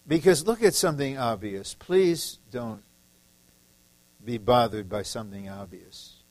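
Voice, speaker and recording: A man's voice: medium pitch, no echo, rough recording. A man from the Detroit area preaching a sermon, emphatic and repetitive, acting out short quoted lines. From Detroit area, USA.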